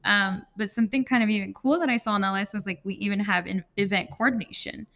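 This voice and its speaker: A young woman hosts a podcast interview in a friendly, easygoing way, using lots of fillers and laughing easily. Her voice sits at a middle pitch and carries noticeable vocal fry. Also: fairly even intonation, fast talker, sharp tone. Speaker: podcast host.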